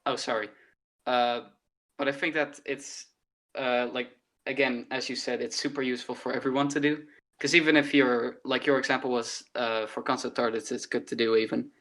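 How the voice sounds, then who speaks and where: Bright-voiced man chatting. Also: mid-range voice, little pitch movement, normal speed. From Netherlands. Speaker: podcast co-host, artist. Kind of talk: casual chat.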